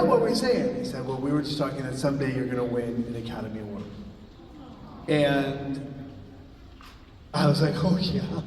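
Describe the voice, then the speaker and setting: A man's voice: medium pitch, a little mellow, slight background noise. Earnest man on a convention panel. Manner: presses with questions, then earnest and reflective. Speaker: convention panel guest, actor. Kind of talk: panel talk, reflective storytelling. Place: large convention hall panel. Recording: echoey convention hall from far off.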